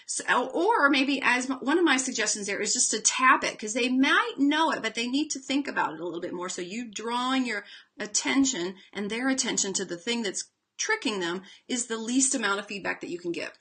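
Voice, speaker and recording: A woman reading teacher giving a casual instructional talk, chatty with fillers, slowing down to sound out words. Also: fairly high pitch, pushed and bright. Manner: chatty, demonstrates sounds slowly, frequent fillers.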